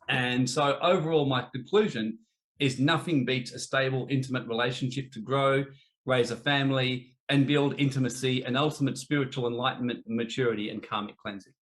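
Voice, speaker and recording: A man's voice: mid-range voice, brisk, fairly bright tone. A man teaching in a live online discussion, telling an earnest, confessional personal story and later teasing his co-hosts playfully. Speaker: teacher in an online spiritual debate.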